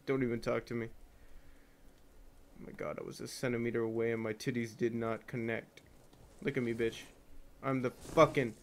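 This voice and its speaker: A young man streaming a video game, shouting and yelping excitably at enemies with lots of swearing. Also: medium pitch, normal speed, pauses often. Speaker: gaming streamer. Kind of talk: live game-stream commentary.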